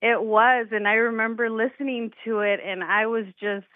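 A woman's voice: on the high side, fairly even intonation, normal speed, no echo. A woman calls in to a radio show, emotional and full of gratitude, with frequent giggles. Her voice comes through a tinny phone line with a dry sound. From California. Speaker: caller.

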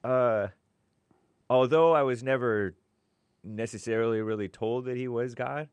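A man's voice: mid-range voice, steady tone, unhurried, smooth, no room sound. A man chatting casually as a churchgoing layman, rambling and hesitant, with fillers and self-corrections. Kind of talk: casual conversation.

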